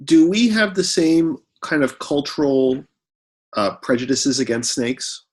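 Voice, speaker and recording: A man's voice: a little high, animated, a little slow, rough recording. A man playing a tabletop game, asking the table questions in a casual way. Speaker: player.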